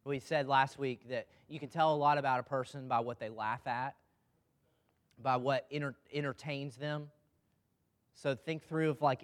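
A man preaching a sermon in a loose, conversational way, often putting questions to the congregation. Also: mid-range voice.

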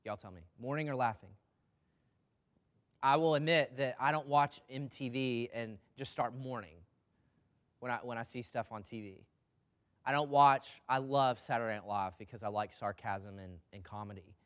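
Man, preacher, sermon, conversational, questions to the congregation, middle pitch. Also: normal speed.

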